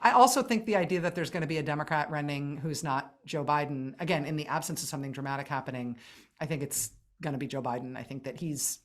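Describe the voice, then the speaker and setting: A woman guest in a casual political conversation, talking in a wry, animated way with laughs and quick asides. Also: sits low.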